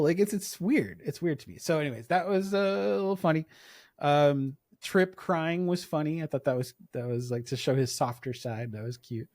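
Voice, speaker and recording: A man co-hosting a casual podcast, rambling and animated, often acting out characters' lines in quick impressions. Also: on the high side, dry recording, studio quality. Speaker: podcast co-host.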